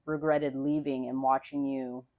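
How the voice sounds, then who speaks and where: A woman's voice: very deep voice, little pitch movement, a little slow, highs cut off. A young adult woman speaking as a podcast guest in casual, heartfelt conversation, frank and rambling, with many "like" fillers and casual swearing. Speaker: podcast guest, host's wife.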